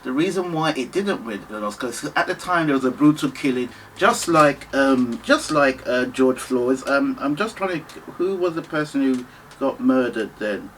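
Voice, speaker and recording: A British man in his fifties, giving an earnest, impassioned monologue to camera, halting often and restarting his sentences. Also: mid-range voice, lively intonation, a bit bright, slight background noise, low-quality recording. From United Kingdom, Nigerian family. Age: 50s. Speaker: vlogger.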